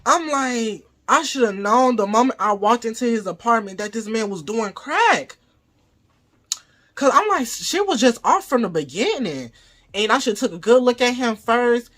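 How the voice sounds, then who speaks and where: A man with a bright, forward voice tells a storytime tale straight to camera. His delivery is loose and profane, and he slips into acting out what he said in the moment. It sounds like casual vlog talk. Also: extremely high pitch, normal speed. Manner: profane, animated retelling, acts out his own quoted lines. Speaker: vlogger.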